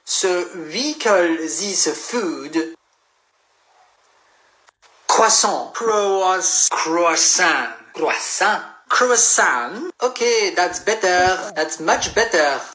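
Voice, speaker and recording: A fussy food snob, as a woman puts her on. She speaks slowly and brightly and corrects people with exacting patience. The room has a noticeable echo. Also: fairly low pitch, expressive, full character voice. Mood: pedantic. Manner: pedantic, slow and exacting. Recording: echoey room.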